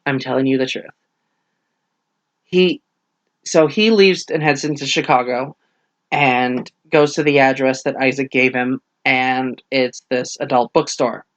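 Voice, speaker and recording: A young man rambling through a casual book review, retelling the plot with lively acted-out quotes. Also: medium pitch, a little slow, no room sound.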